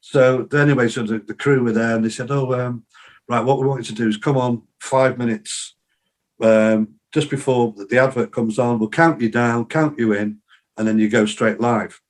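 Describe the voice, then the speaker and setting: A man's voice: medium pitch, moderate pace. An older man, a musician and songwriter, telling rambling stories as a podcast guest, acting out what people said to him. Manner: lively anecdotes full of acted-out quotes; rambling, with many fillers and restarts. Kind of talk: casual interview storytelling.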